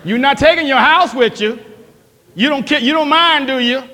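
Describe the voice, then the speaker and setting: High-voiced man preaching in a reverberant church. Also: moderate pace. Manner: fervent, repeats himself, builds to shouts; talks straight to the congregation with questions. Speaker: pastor. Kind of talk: sermon. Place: church sanctuary.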